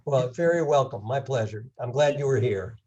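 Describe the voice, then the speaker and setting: A man's voice: medium pitch, expressive, normal speed, a little mellow, slightly rough, lo-fi sound. A man in his seventies giving a rambling, good-humored talk with questions over a video call. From England. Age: 70s. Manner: rambling, self-correcting, wry humor. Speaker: guest speaker. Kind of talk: online presentation Q&A.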